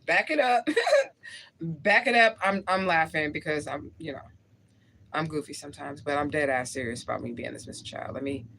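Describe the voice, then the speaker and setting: Gravelly and a bit bright, this woman's voice sits low at a moderate pace, with a little hiss or hum. She's in her forties, from St. Louis, Missouri, hosting a livestream where she reads comments and responds bluntly and slangily, laughing often.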